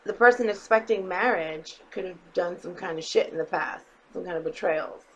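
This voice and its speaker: A woman's voice: fairly low pitch, normal speed, a bit bright, rough recording. A woman giving a casual tarot reading to her viewers, blunt and emphatic, swearing freely and often checking in with "okay?". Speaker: tarot reader.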